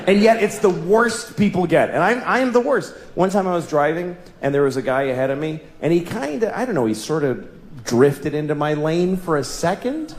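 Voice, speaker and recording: Rambling middle-aged stand-up comic. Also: male voice, on the high side, lively intonation, moderate pace. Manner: rambling, self-deprecating storytelling. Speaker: stand-up comedian. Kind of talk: stand-up comedy set. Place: live stage before an audience. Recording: roomy live venue with crowd noise.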